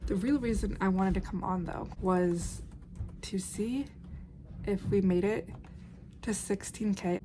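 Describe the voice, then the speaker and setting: A chatty young woman vlogging about her day, rambling easily and leaning on "like" every few words. Her voice sits at an ordinary middle pitch. A faint hum of background noise sits behind her. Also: measured pace, pauses often, dark tone, low-quality recording. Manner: chatty, rambling, heavy use of "like". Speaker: vlogger and preschool music teacher. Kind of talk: casual vlog chat.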